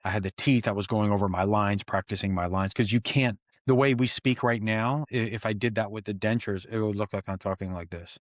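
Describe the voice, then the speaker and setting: A man's voice: fairly low pitch, brisk, hardly any pauses, no echo, clean studio sound. A man, a stuntman guest on an interview show, telling stories casually and acting out what people said. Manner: animated, acts out quotes.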